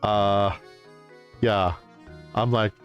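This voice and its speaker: A man's voice: fairly low pitch, fairly even intonation, extremely slow, muffled recording, faint music behind. A man streaming a video game, giving wry, joking commentary with exaggerated exclamations. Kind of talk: let's-play commentary.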